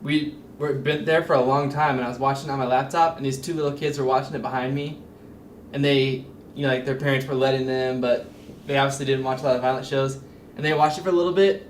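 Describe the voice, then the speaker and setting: A man reviewing a movie with friends, joking and sarcastic. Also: mid-range voice. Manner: jokey, sarcastic storyteller. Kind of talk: casual podcast banter. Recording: echoey room with faint noise.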